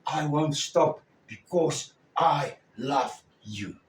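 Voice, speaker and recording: A preacher acting out God as a loving Father who speaks low, soft and tender. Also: extremely slow. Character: gentle loving heavenly Father. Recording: echoey room, far from the mic.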